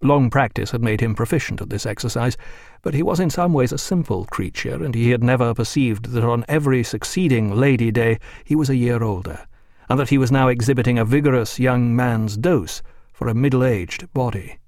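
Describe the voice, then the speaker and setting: Male audiobook narrator, measured, mid pitch, dry booth. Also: darkish tone, no room sound. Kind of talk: scripted narration.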